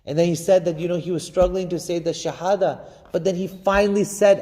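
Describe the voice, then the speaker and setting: A man giving a Friday sermon, preaching with passion, slowing and swelling for emphasis and chanting Arabic phrases. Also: high-pitched, warm tone. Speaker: imam giving Friday khutbah. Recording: long hall reverb.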